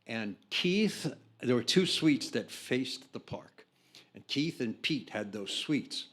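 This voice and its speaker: Animated older man telling studio stories. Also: mid-range voice, takes it slowly. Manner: animated storyteller, acts out other people's lines. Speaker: record producer and engineer, interview guest. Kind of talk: storytelling interview anecdote.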